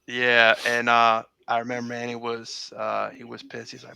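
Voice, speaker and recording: A man's voice: medium pitch, completely flat delivery, normal speed, gravelly, pushed and bright, a little hiss or hum, rough recording. A middle-aged man recalling old times in a casual interview, rambling with many fillers and restarts. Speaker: interview guest.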